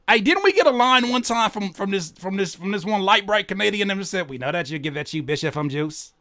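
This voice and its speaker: Animated joking man, high voice. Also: brisk, no echo, clean studio sound. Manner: animated, joking, rereads lyrics aloud; profane slang. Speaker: reaction host. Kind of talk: casual reaction commentary.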